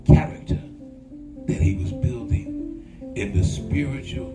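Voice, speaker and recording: A man's voice: medium pitch, a little slow. An older man preaching a sermon as pastor, colloquial and emphatic, with call-and-response lines to the congregation. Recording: echoey room with loud guitar music.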